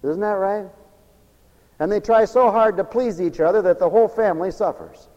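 High-voiced fiery preacher. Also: male voice, moderate pace, in a large hall, muffled recording. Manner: folksy, emphatic, swings from hushed to shouting. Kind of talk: fiery sermon.

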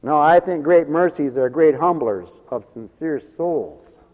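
A man's voice: a little high, animated, normal speed, long pauses, dark tone, in a large hall. A man preaching a folksy sermon, laughing often between his points.

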